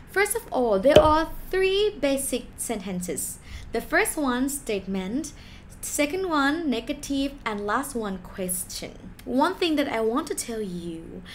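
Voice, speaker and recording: A woman's voice: on the high side, slight background noise. Patient woman teaching a language lesson. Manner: slow, patient explaining with repeated example words.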